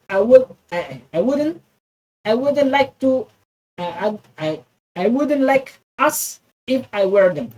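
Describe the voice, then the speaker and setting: Halting woman reading aloud, distant mic. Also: fairly high pitch, darkish tone. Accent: Indonesian. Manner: halting, many restarts and stumbles on words. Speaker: English learner reading aloud. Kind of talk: read-aloud practice.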